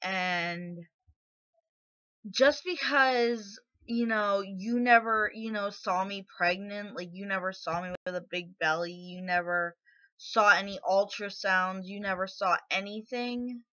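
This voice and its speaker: A woman's voice: mid-range voice, steady tone, slow, sharp tone, dull audio. A woman venting to camera in an angry, indignant personal rant, shaking with anger and near tears, with many fillers. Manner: angry, indignant, filler-heavy ("like", "you know"). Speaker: vlogger.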